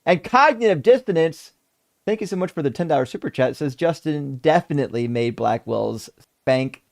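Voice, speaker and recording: Gravelly man hosting a live stream, profane and animated, reading out viewer chats. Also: a little high, normal speed. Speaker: debate stream host reading super chats. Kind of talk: casual live-stream chat.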